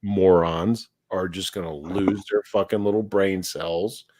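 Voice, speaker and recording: A man's voice: low voice, fairly even intonation, measured pace, a little mellow. A man telling a rambling, profane anecdote on a casual live stream. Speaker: livestream host.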